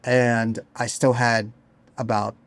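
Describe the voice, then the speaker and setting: A man co-hosting a podcast in casual chat, relaxed and profane, often trailing off softly. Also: medium pitch, takes it slowly. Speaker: podcast co-host.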